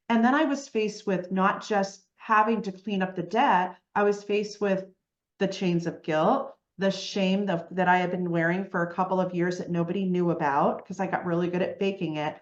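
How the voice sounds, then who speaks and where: A woman guest on an interview podcast, telling her story in a lively way and often asking "right?". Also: medium pitch, echoey room, muffled recording. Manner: animated storytelling, frequent "right?" tags.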